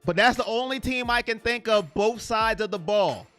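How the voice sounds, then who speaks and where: A man hosting a casual live stream chat, rambling excitably and reading viewer comments aloud. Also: high voice, normal speed, soft background music.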